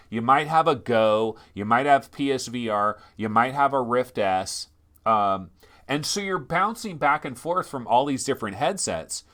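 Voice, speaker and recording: A man hosting a casual livestream, rambling and joking in an animated way. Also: a little high. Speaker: livestream host.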